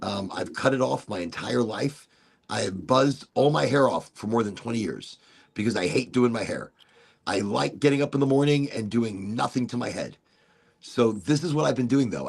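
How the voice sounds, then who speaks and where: A man's voice: medium pitch, gravelly, slightly rough. A middle-aged man hosting a casual chat show, rambling freely with laughs and swearing. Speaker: podcast host.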